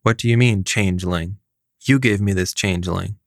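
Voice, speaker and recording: A man's voice: low voice, moderate pace, gravelly, no echo, studio quality. A man voicing a fierce young mother. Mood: confused. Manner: defiant, demanding. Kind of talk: reading a fairy tale aloud.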